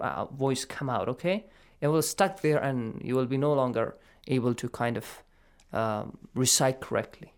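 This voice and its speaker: Patient, encouraging recitation teacher, man. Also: mid-range voice. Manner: patient, encouraging, explains and models sounds. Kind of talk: radio lesson, coaching students.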